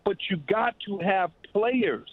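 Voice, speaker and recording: A man's voice: sits high, slow pace, crowd noise. A man calling into a sports radio show, blunt and combative in debate. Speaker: radio guest. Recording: tinny phone line.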